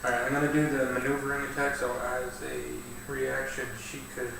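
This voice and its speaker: A man's voice: medium pitch, completely flat delivery, fairly quick, gravelly, a crowd in the background. A man playing in a tabletop game, matter-of-fact and casual. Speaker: player. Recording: very echoey, distant, noisy.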